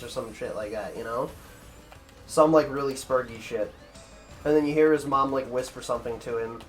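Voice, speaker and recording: Male streamer, mid-pitched, casual offhand chatter to chat, heavy profanity, faint game music under. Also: normal speed, long pauses. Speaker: streamer, speedrunner. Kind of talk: casual chat with stream viewers while gaming.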